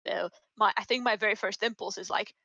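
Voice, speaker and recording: Woman player, bright voice, thinks aloud, dry mic. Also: mid-range voice, fairly quick, vocal fry, no room sound, lo-fi sound. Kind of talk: casual tabletop play.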